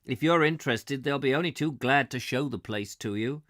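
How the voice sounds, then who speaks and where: A man's voice: medium pitch, moderate pace, fairly bright tone, no echo, studio quality, lightly acted. A man voicing a friendly, knowledgeable stranger at a pub, speaking with a put-on West Country accent. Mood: helpful. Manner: chatty, helpful.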